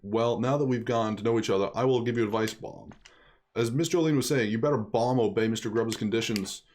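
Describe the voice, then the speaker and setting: A man voicing a gruff male video game brawler who keeps tacking a tic word onto his sentences. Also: mid-range voice, quick pace, a little mellow, lightly acted. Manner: drops a repeated word tic.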